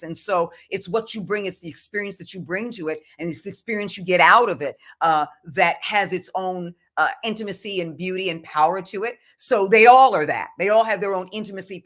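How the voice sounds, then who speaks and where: A woman's voice: lowish voice, fairly bright tone. A woman voice actor, guest on a podcast interview, talking about her work in an earnest, reflective way. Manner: earnest, reflective, speaks of faith.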